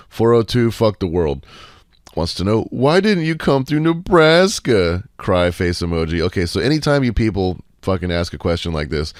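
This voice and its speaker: A low-voiced man hosts a casual Q&A podcast, recorded close and dry with no room sound. He talks in a laid-back, rambling way full of fillers and restarts. He drops sarcastic asides and swears casually. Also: dry recording. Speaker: podcast host.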